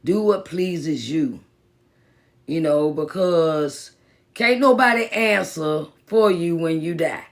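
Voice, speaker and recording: Speaking slowly in a low register, a woman who works as a motivational speaker and minister gives a casual pep talk on a phone live stream. She repeats herself for emphasis and greets viewers by name.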